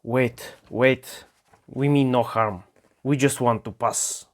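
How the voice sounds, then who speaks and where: A man playing an earnest, polite halfling hero who tries to calm things down. His voice is slow and plain, near his own. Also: medium pitch, lightly acted. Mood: placating. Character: polite male halfling adventurer.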